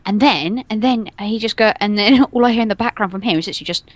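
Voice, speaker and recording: A woman's voice: medium pitch, quick pace, background noise. A young adult woman telling a story in casual chat, rambling and giggling, stringing everything together with "and then". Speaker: podcast co-host telling a story.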